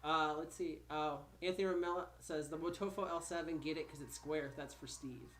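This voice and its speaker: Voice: medium pitch, steady tone, a little fast, slight background noise. A host of a casual podcast reading out live chat messages in an easygoing way. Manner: easygoing, greeting viewers by name.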